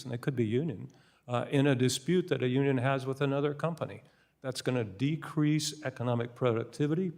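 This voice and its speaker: A man speaking with a middle-pitched voice at a congressional hearing. He argues firmly and repeats his points for emphasis, as if pressing a case before a committee. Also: a little mellow. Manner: firm, argumentative, repeats for emphasis. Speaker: hearing witness. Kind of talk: congressional testimony.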